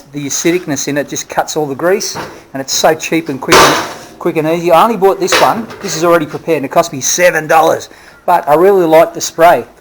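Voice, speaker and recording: A man's voice: fairly high pitch, a little hiss or hum, rough recording. A man vlogging on the road, talking casually in a rambling way and repeating and restarting his phrases. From Australia. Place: on the road near his van, outdoors.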